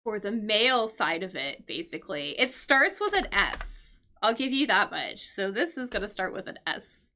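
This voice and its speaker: A woman's voice: mid-range voice, very animated, normal speed, sharp tone. A woman teaching English vocabulary through a crossword, explaining patiently with fillers and check-in questions. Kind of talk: casual livestream lesson solving a crossword.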